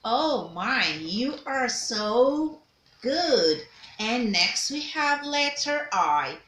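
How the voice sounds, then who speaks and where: A woman's voice: on the high side, sing-song, very slow, a bit bright. A woman teaching diction, drilling letter sounds and word examples, praising and having learners repeat. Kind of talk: pronunciation drill lesson. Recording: echoey room with faint ambience.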